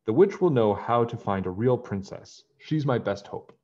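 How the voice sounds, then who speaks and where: A man's voice: medium pitch, lively intonation, moderate pace, warm tone, lo-fi sound, a little hiss or hum, natural voice. A man voicing a spoiled, picky young prince in a storybook. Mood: determined. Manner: impatient, spoiled.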